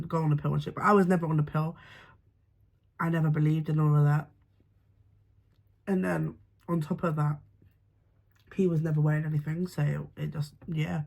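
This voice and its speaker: A woman's voice: sits low, creaky, a little mellow, breathy edge. A young woman, candidly telling a personal story to camera in casual slang, swearing freely. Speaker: vlogger.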